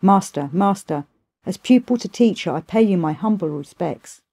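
A woman's voice: fairly low pitch, lively intonation, normal speed, mellow. A woman voicing an eager, cheeky male monkey who begs humbly to study. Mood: earnest.

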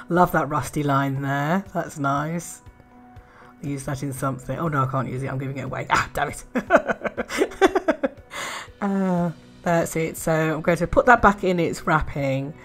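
A woman chatting casually in a craft haul video, gushing with soft admiring murmurs and little laughs. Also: low voice. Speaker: art and craft vlogger.

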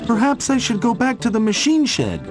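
A man voicing a small, nervous male tractor who talks in a high, stammering voice. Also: huge pitch swings, fairly quick, exaggerated voice. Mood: wondering. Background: background music.

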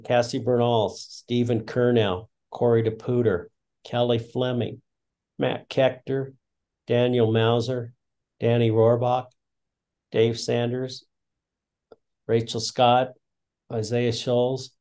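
A man's voice: mid-range voice, flat delivery, takes it slowly, dark tone. Earnest, long-winded older man. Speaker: retired school principal, guest. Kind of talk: reflective interview storytelling.

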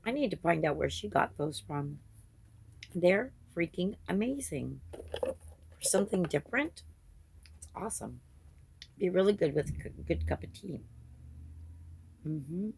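A woman's voice: fairly low pitch, expressive, measured pace, gravelly, pauses often, a little mellow, husky. A woman hosting her crafting channel, chatting casually through an unboxing and gushing over each item with little gasps.

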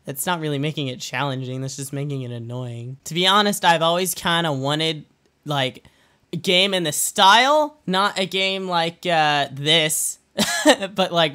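A man's voice: a little high, bright, forceful tone. A young man in his late teens giving jokey, rambling commentary while playing a game, often gasping and laughing. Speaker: gaming YouTuber. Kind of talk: let's play commentary.

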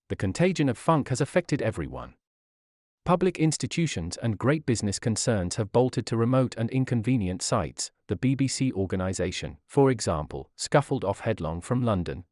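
Lively, expressive male audiobook narrator. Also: lowish voice, dry recording, clean studio sound. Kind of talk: scripted nonfiction audiobook reading.

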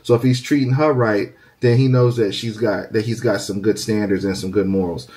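A man calmly retelling a story about a couple in a steady, measured way. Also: lowish voice.

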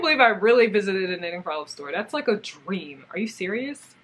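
A woman's voice: medium pitch, brisk, slightly rough. Gushing young woman showing off yarn. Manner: gushing, excitable, talks to the yarn and viewers. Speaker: yarn crafts vlogger. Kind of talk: casual haul vlog chat.

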